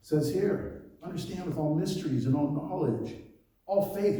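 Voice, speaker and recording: A man's voice: on the high side, moderate pace, dark tone. A man preaching a conversational sermon as pastor, mixing scripture reading with laughs and personal asides. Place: church hall. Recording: very echoey church hall, mic at a distance.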